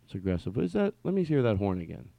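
Rambling excitable male podcast host. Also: lowish voice, quick pace, vocal fry, no room sound. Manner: rambling, excitable, swings from yelling to quiet. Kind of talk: loose comedic podcast talk. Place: studio. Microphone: studio mic.

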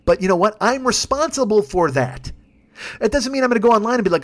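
A man's voice: extremely high pitch, lively intonation, fast talker. A man in his fifties hosting a solo podcast, ranting bluntly and heatedly with constant swearing. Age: 50s. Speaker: podcast host.

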